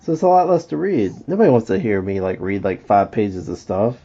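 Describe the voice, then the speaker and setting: An American man co-hosts a podcast, teasing and rambling through casual chat full of fillers. His lowish voice is mellow and husky and runs a little fast, with dull lo-fi audio.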